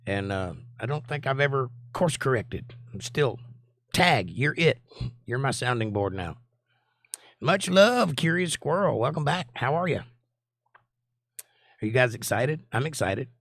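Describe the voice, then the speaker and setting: A man's voice: mid-range voice, lively intonation, a little slow, long pauses, fairly bright tone, studio quality. Southern guy in his 40s, chatty livestream host, greets everyone by name, no room echo. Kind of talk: casual livestream chat.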